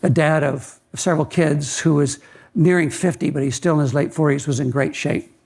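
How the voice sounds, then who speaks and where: Gravelly-voiced man preaching. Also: a little high, steady tone, moderate pace, a little mellow. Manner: conversational storytelling, repeats words when starting phrases. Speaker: pastor. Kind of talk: sermon.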